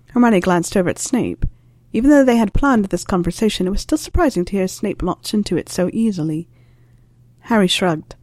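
A woman reads a story aloud in a calm, even way. Her voice is low and mellow. The sound is close and dry. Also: normal speed, no echo. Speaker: narrator. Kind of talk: storybook narration.

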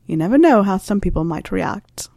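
A woman narrating a story in a calm, even reading voice. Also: medium pitch, normal speed, gravelly, no echo, studio quality.

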